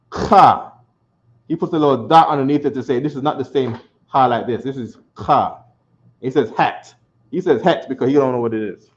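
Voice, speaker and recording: Here a man lectures to a classroom in a mid-range voice with a fairly bright tone and a New York accent. He speaks loosely, says things more than once, and frequently asks "right?" The room is echoey and the sound quality dull and lo-fi.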